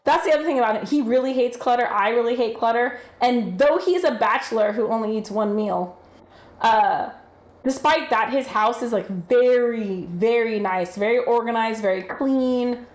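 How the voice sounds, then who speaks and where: A woman's voice: fairly high pitch, moderate pace, reverberant. A woman with a general American accent, casually chatting while cooking on a livestream, reading chat aloud and swearing freely. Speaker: streamer.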